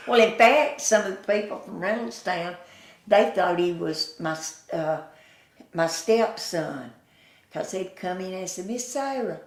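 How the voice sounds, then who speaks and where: A woman's voice: lowish voice, fairly even intonation, reverberant. An older woman with a Southern US accent, telling folksy stories in an oral history interview. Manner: slow, folksy, chuckling storyteller who acts out quoted voices.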